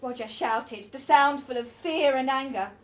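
High-voiced woman reading a story. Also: measured pace. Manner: dramatic, varied delivery.

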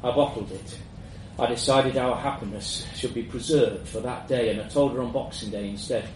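A man's voice: medium pitch, normal speed. Man reading a story in an echoey room. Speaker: narrator. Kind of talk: first-person story reading. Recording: roomy echo, mic at a distance, faint background hum.

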